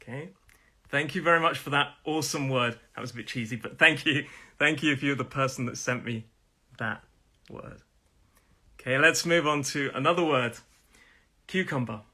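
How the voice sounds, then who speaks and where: Bright-voiced man teaching pronunciation. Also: medium pitch. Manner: friendly, repeats words slowly with stress. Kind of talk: live-streamed pronunciation lesson.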